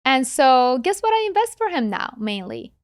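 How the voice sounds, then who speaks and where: A woman guest with a non-native English accent, explaining investing in a casual interview with animated, quick asides. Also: high voice, dry recording, studio quality.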